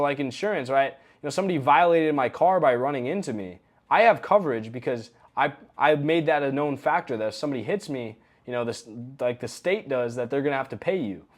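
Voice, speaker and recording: Conversational man teaching a lesson. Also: mid-range voice. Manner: conversational, acts out example phrases. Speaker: coaching course instructor. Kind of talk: recorded online lesson.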